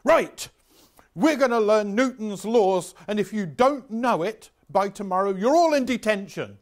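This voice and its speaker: A man's voice: animated, unhurried. A man in his sixties imitating a short, bullying male science teacher who barks at pupils. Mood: stern. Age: 60s. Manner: barking, high-pitched and loud.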